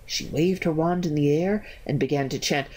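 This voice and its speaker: An older woman reading a picture book aloud, slow and expressive. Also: deep voice. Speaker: storybook reader.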